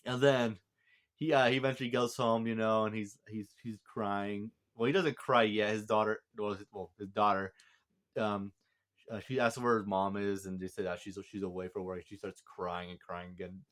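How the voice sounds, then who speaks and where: A man giving a casual spoken movie review, retelling the plot in a rambling, excitable way with lots of restarts. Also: on the low side, moderate pace.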